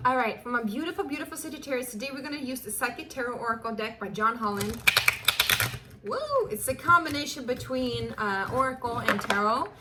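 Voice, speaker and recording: A woman's voice: a little high, heavy background noise. Chatty woman giving a tarot reading. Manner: chatty, affectionate, laughs often, restarts phrases. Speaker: tarot reader. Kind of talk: casual tarot reading to camera.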